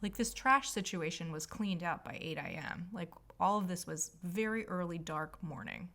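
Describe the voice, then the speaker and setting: A woman's voice: lowish voice, moderate pace, fairly bright tone. A woman spiritual healer telling a personal story in a rambling, emotional, casual monologue. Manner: rambling, emotional, filler-heavy.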